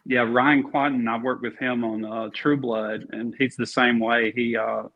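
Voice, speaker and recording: This actor guest from Alabama chats casually in an interview, his medium-pitched voice fairly even and a little slow. He's at ease, wandering through his answers with plenty of fillers and false starts, all captured in dull lo-fi audio.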